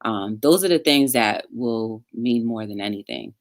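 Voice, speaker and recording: Very low-voiced woman talk show host. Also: expressive, no room sound, clean studio sound. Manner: encouraging, filler-heavy, drawn-out phrasing. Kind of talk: casual online interview.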